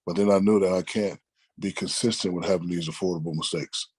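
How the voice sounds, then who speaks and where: A middle-aged man, an interview guest, telling stories in a relaxed, conversational way and acting out the people he quotes. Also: deep voice, fairly quick, breathy edge, no room sound. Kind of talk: casual storytelling.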